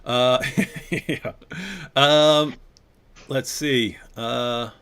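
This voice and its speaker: A man hosting a live online conversation, reading viewer questions and retelling stories with lively quoted voices. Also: medium pitch, very slow, clear, resonant tone. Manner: animated, acts out quoted voices. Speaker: host.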